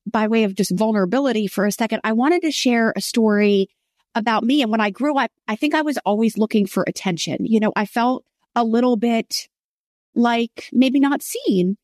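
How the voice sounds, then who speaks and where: Earnest woman author, higher voice. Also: moderate pace, a little mellow, dry recording, studio quality. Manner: earnest, heartfelt storytelling. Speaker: author guest. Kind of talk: conversational faith interview.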